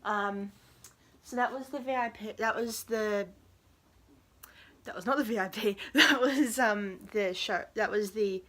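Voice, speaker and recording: A young woman tells a storytime in a vlog. She rambles, laughs between phrases and fills pauses with "um" and "like". Her voice sits at a middle pitch for a woman. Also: a bit bright. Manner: rambling and giggly, full of fillers. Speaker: vlogger.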